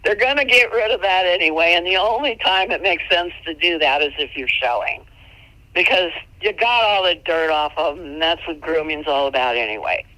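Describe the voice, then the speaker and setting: Bright-voiced folksy woman trainer. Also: moderate pace, dry recording, rough recording. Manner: folksy, chatty, laughs often, jumps into high playful tones. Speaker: mule trainer. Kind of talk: casual instructional chat.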